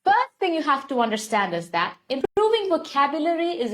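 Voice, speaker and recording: A young woman with an Indian English accent, voice pitched a little high. She teaches English to a live online class, spelling out each step and repeating herself. She turns to thank viewers by name. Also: sing-song, brisk, a bit bright. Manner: repetitive, instructive, addresses viewers by name.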